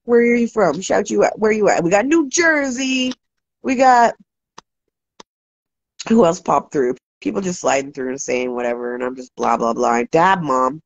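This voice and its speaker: A woman hosting a casual livestream, talking fast and loose, swearing freely and ranting, shouting out viewers. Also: on the low side, no room sound. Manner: profane, animated, ranting. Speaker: livestream host. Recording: dry, dull lo-fi sound.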